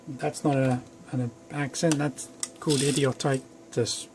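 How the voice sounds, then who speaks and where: At a measured pace and with little pitch movement, a young toy reviewer discusses an action figure at home in a medium-pitched voice. He chats and rambles, tossing in self-deprecating asides, against faint background noise.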